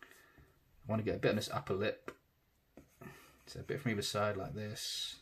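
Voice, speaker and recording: A man, casually talking through a digital tattoo drawing in real time, thinking aloud and trailing off softly. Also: lowish voice, level tone, moderate pace, slight background noise.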